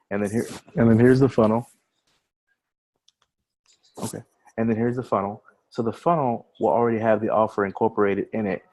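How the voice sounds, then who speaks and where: A man with a fairly low voice walks listeners through a screen-share webinar. He talks loosely and conversationally over a video call, looping back on words and restarting sentences as he goes. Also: darkish tone, low-quality recording. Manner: casual, repeats words and restarts phrases while explaining. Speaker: online marketing trainer.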